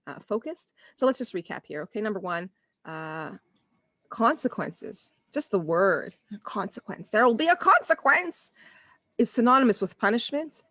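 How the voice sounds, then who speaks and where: A woman's voice: mid-range voice, lively intonation, moderate pace, a bit bright, no room sound, clean studio sound. A woman parenting coach speaking casually on a live stream, telling stories and acting out quoted dialogue.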